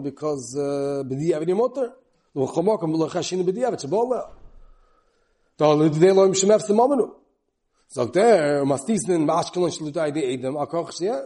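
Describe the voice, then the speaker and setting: Rapid-fire teacher, man. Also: fairly high pitch, dark tone. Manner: rapid, mixing English with Hebrew and Yiddish terms. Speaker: Talmud teacher. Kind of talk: yeshiva-style Talmud class.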